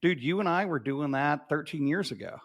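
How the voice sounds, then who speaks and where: A man speaking as a guest in a casual podcast interview, relaxed, with dry, teasing humor. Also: on the high side, a little fast, highs cut off.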